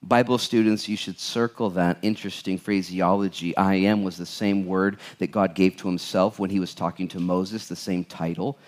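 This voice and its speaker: A man preaching a sermon as pastor, animated, acting out the people in the Bible passage with jokes. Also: deep voice, normal speed, hardly any pauses.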